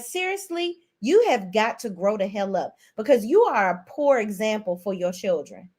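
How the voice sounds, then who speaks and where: A young adult woman hosts a reality TV recap in a casual, ranting style. Her voice sits fairly high, and she swears freely and talks bluntly and animatedly. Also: darkish tone.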